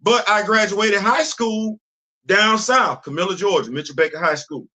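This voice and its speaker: A middle-aged show host from the Bronx, New York, talks through a casual monologue on a streaming setup at a moderate pace. His voice is high for a man, bright and forceful. He's conversational and emphatic, full of street slang, repeating himself, restarting and circling back to his points.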